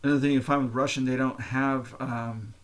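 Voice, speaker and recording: Fairly quick and fairly even in intonation, his mid-range voice carries a solo podcast he hosts. The man speaks casually, swears freely, and goes on at length with lots of filler words.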